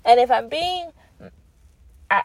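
In a casual movie review vlog recorded in her parked car, a young woman with a Canadian accent chats emphatically and jokes about herself. The voice is high-pitched, animated and a little mellow, at a slow pace, with no room sound.

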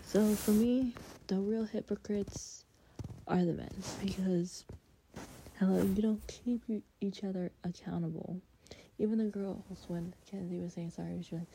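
A woman rants about a reality show in a hushed, half-whispered voice, trying not to wake the dogs asleep beside her in bed. Her voice is low and dark with a gravelly fry. She talks slowly, with heat in her words. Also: a little hiss or hum, poor audio. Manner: half-whispered, heated ranting. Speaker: vlogger reacting to a reality show. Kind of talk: hushed late-night commentary.

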